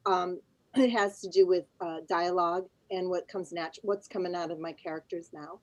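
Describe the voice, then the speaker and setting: A woman's voice: lowish voice, steady tone, normal speed, no echo, rough recording. A woman writer and teacher on a literary panel, speaking thoughtfully and searching for words as she goes. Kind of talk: panel discussion.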